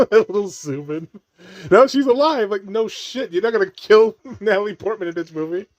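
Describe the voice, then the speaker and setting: A man's voice: sits high, expressive, normal speed, no echo, faint music behind. A man giving casual watch-along commentary on a movie, laughing often and swearing freely as he riffs jokes.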